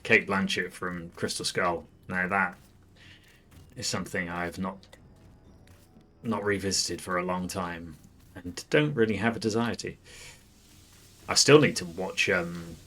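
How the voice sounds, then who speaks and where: Streaming a video game live, a man offers wry, chatty commentary and talks back to the characters on screen. His voice is low-pitched, bright and forceful, and he speaks a little slowly with frequent pauses.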